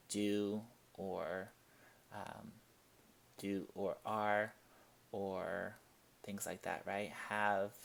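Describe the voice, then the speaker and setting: A man teaching a Spanish lesson, explaining each point slowly and deliberately and reading out example sentences. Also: fairly low pitch, gravelly. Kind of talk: classroom-style language lesson.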